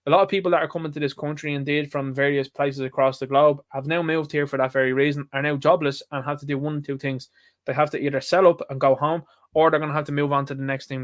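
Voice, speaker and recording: An Irish man hosting a solo commentary show, rambling and opinionated as he reads out headlines and riffs on them. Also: fairly high pitch. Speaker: show host.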